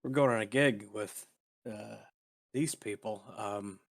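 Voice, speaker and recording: A man's voice: on the low side, a little slow, vocal fry. A man casually talking as a player in a tabletop game.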